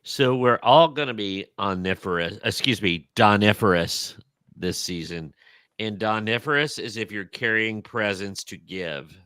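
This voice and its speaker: A man with a lowish, bright and forceful voice, co-hosting a casual podcast chat. He reads out old terms and their definitions and keeps slipping in puns. The sound is dry and close. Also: measured pace, smooth, dry recording. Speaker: podcast co-host presenting the topic.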